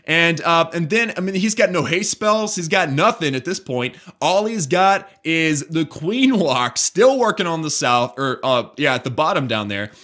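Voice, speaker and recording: A man's voice: a little high, expressive, normal speed, hardly any pauses, a bit bright. A man commentating game replays for his channel's viewers, enthusiastic and chatty, calling them guys. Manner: enthusiastic, addresses viewers as guys, frequent restarts. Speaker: gaming YouTuber commentating war replays.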